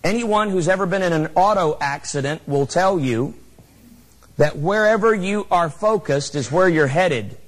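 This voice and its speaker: A man's voice: a little high, low-quality recording. Emphatic man giving a motivational talk. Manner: emphatic, repeats key lines for effect. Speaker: motivational speaker. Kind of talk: motivational speech. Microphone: handheld microphone.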